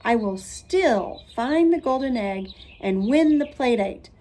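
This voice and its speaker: A woman voicing a scheming, theatrical first-grade boy in a storybook reading, slow and a bit raised. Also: on the high side, expressive, dark tone. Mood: conspiring.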